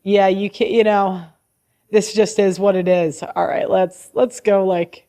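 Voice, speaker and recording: A woman's voice: medium pitch, flat delivery, unhurried, warm tone. A young adult woman hosting her own show, giving blunt opinionated commentary in a casual way, often laughing and restarting her sentences. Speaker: host.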